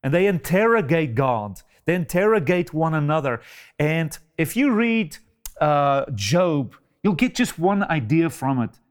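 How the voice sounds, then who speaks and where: Man, preacher, sermon, rhetorical questions, slow drawn-out pace, swooping expressive pitch. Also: smooth. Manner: slow, dramatic delivery with many rhetorical questions.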